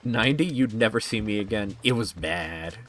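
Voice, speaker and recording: Chatty man with a lively voice. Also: on the low side, moderate pace, soft background music. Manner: chatty, laughing, jokey asides to chat. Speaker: streamer. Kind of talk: casual gaming stream chat.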